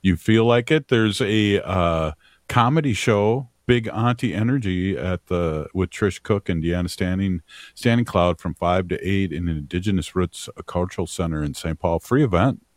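A man co-hosting a community radio show, talking casually and haltingly with many fillers. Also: deep voice, dry recording, studio quality. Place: radio studio. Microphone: studio mic.

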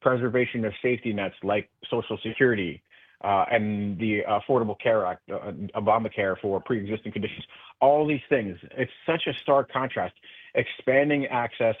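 A man guest on a political radio interview, talking earnestly with many halting restarts over a phone line. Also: fairly low pitch, steady tone, no room sound. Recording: tinny phone line, dry.

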